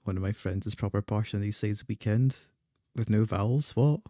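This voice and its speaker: Lad chatting while gaming, kinda low voice, repeats himself a lot, dead dry mic. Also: male voice, moderate pace, warm tone, dry recording. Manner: chatty, stammers and repeats words, laughs often. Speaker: gaming streamer. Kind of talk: casual chat while playing.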